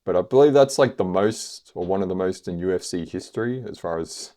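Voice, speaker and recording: Low-voiced man rambling about a fight. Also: animated, a little fast, dark tone. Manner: rambling, heavy on fillers like "you know" and "like"; casual swearing. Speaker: MMA podcast host. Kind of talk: casual fight review talk.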